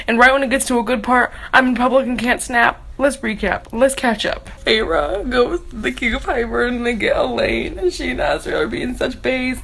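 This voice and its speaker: A young woman with a high, bright voice gushes and grumbles about a fantasy novel in quick snapchat clips. She swings between deadpan sarcasm and over-the-top fangirl drama. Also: rough recording. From Texas. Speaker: book vlogger.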